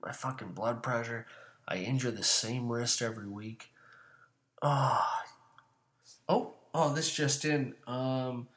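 A man hosting a show, delivering a profane comedic rant with furious shouting bursts between calmer asides. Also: mid-range voice, slow, pauses often.

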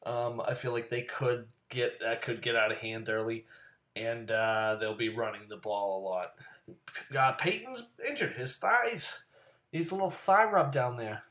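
A man casually giving his fantasy football picks in a rambling, profane rant that swings from loud and worked up to low muttering. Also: a little slow. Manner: profane, rambling and ranting, swears often; gets loud and worked up, then drops back to low mutters.

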